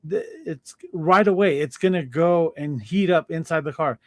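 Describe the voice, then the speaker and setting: A man hosts a sports talk show in a loose, energetic way. He fills his sentences with "uh" and "like" and laughs easily. His voice sits on the higher side and sounds dry and close. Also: normal speed, dry recording. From Denver. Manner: animated, laughing, filler-heavy talker. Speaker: podcast host. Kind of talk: casual chat.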